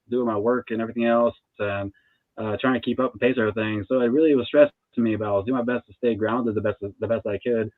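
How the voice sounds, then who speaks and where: Over what sounds like a tinny phone line with no room sound, a man in his thirties speaks in a mid-range voice. He's a tarot reader, relaxed and casual in this interview chat, laughing between his thoughts.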